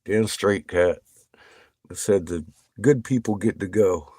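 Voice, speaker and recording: A man chatting casually with viewers on a livestream. He swears constantly, gets excited and laughs often. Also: deep voice, measured pace, breathy edge, no room sound.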